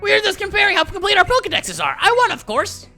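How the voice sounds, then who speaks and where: A man's voice: very high voice, wildly swooping pitch, sharp tone, soft background music, pitched above the performer's own voice, exaggerated voice. A man putting on a chirpy teenage girl. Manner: chirpy, quick and smug. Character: cheerful bubbly teenage girl friend.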